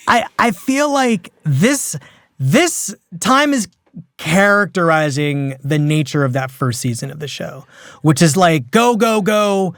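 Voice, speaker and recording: A man hosting a podcast, talking about television in an animated, storytelling way full of asides. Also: a little high, slow pace, no echo, studio quality. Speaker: podcast host. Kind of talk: casual critical discussion.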